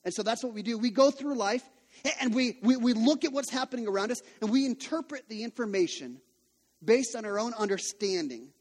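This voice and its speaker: A man's voice: very high-pitched, lively intonation, fairly quick, darkish tone. A man in his thirties preaching a sermon as a pastor, telling stories and asking rhetorical questions in a conversational way. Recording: long hall reverb.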